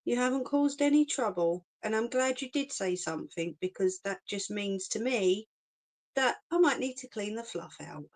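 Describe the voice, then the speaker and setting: A woman's voice: mid-range voice, animated, normal speed, darkish tone. Chatty woman, laughs often. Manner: chatty and reassuring, laughs often, says "do you know what I mean". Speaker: crafter chatting with live viewers. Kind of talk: casual live-stream chat.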